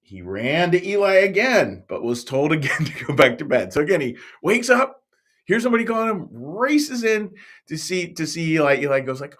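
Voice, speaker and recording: A man, a pastor, telling a Bible story to young children in a playful, animated way, speaking right to the kids. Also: on the high side, moderate pace.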